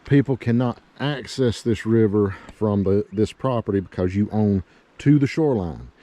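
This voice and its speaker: A man's voice: lowish voice, lively intonation, moderate pace, mellow. A man, walking a piece of land outdoors and talking casually as a realtor, out of breath and rambling with many fillers. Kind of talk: casual walking property tour. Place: outdoors by a river and hillside.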